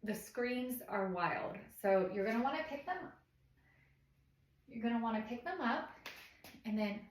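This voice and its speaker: Chatty mom in an echoey room. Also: female voice, fairly high pitch, a little slow. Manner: chatty and instructive, often checks in with "okay?"; softly shushes and imitates baby cries while demonstrating. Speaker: parenting vlogger. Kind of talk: casual how-to demonstration.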